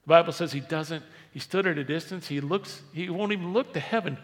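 A man preaching a sermon as a pastor, swinging between loud emphasis and quiet, low asides. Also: fairly quick, long reverb tail. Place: church.

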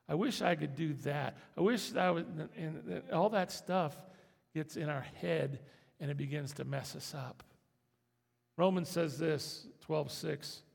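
A man delivers a folksy, conversational sermon, his voice sitting high with a gravelly fry at the ends of phrases. He talks in a church, and long reverb trails each phrase through the hall. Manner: folksy, conversational preaching with rising emphasis. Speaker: pastor.

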